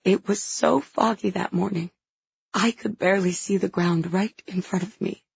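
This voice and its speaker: A woman voicing a grieving young woman, hoarse and halting as she confesses through tears, in an audiobook. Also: lowish voice, steady tone, darkish tone, no echo, dull audio, heavily acted. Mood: tearful. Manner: halting, choked with grief. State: hoarse, tearful.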